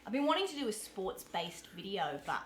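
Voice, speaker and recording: A woman's voice: mid-range voice, big pitch swings, fairly quick, a little hiss or hum. A woman from Adelaide with an Australian accent, chatting casually. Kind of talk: casual chat in a played clip. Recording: echoey room.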